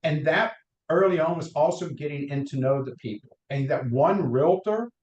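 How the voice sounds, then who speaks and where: A man's voice: fairly high pitch, moderate pace, a little mellow, dull audio. A middle-aged man from North Carolina with a Southern accent, a guest on a podcast interview who tells long career stories with many restarts. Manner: rambling anecdotes with restarts, acts out quotes. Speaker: guest, mortgage lender. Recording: roomy echo.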